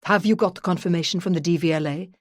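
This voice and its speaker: A woman narrator voicing a brisk, businesslike male crown prosecutor with a Welsh accent. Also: high-pitched, no room sound, clean studio sound, close to an everyday voice.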